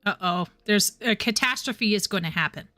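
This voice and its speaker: A woman's voice: medium pitch, moderate pace, pushed and bright, dry recording, clean studio sound, faint music behind. A woman chatting casually as she streams a game. She repeats and restarts her words and sometimes reads the game's dialogue aloud. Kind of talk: casual gameplay commentary.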